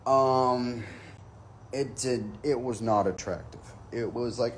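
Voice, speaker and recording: A man spinning a rambling, foul-mouthed comic story at an unhurried, drawn-out pace. His voice sits at an ordinary middle pitch, with a faint hum of noise behind him. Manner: profane, rambling anecdote.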